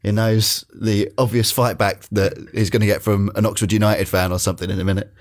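A man's voice: lowish voice, little pitch movement, fairly quick. A man on a casual football podcast, bantering in a jokey, playful way. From England. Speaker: podcast guest.

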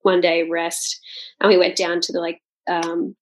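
A woman's voice: on the low side, little pitch movement, unhurried, slight background noise. A woman co-hosting a casual podcast chat, talking freely with many fillers and frequent laughs. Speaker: podcast co-host.

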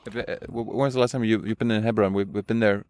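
A man's voice: on the low side, fairly even intonation, quick pace, darkish tone, no echo. A man interviewing a guest, asking probing and challenging questions. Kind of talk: conversational interview.

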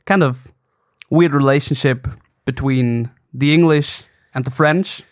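A man's voice: mid-range voice, a little slow, no echo, clean studio sound. A man co-hosting a podcast in English, with a hesitant, filler-heavy way of talking. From Germany. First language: German. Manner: hesitant, searching for words with many fillers. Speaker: podcast co-host. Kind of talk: casual chat.

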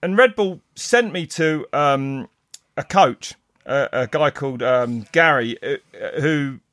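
A middle-aged man, a race commentator, telling stories in casual chat, rambling and animated with many restarts. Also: mid-range voice, takes it slowly, no echo, clean studio sound. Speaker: mountain bike race commentator. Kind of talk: casual podcast storytelling.

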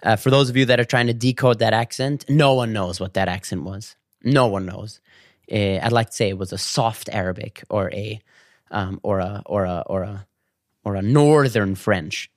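A man's voice: lowish voice, no room sound. Chatty man joking to camera, dry sound. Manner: animated storytelling with quick asides and bursts of laughter. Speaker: vlogger. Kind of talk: casual comedic monologue to camera.

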